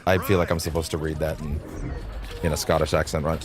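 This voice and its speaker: Male streamer, very low voice, casual rambling play-by-play, curses when he slips up. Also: fairly even intonation, fast talker. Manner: casual, rambling, swears at mistakes. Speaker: video game streamer. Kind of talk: live gameplay commentary. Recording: game music clearly behind. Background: game music.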